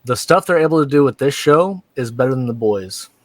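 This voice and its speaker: A man casually recapping a cartoon episode, excitable and profane, acting out the scenes in quick put-on voices. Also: mid-range voice, no room sound, studio quality. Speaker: podcast co-host.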